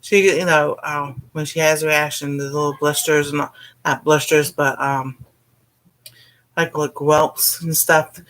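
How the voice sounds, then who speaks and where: A woman with a Southern US accent hosts a cooking channel in an easygoing livestream chat. Her voice sits a little low and she talks unhurriedly. She drifts from point to point in a folksy way, saying "y'all" and laughing often. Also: fairly even intonation, unhurried, fairly bright tone, slight background noise.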